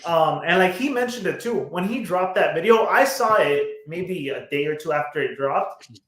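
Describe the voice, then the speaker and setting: A man's voice: fairly high pitch, expressive, moderate pace, fairly bright tone, reverberant. A man co-hosting a podcast in casual chat, blunt and swearing often, with lots of fillers and restarts. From United States. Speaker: podcast co-host.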